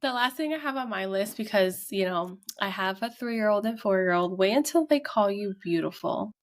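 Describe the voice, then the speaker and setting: A woman's voice: mid-range voice, animated, normal speed. A young woman co-hosting a casual podcast, telling stories in a chatty way and laughing often. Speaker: podcast co-host.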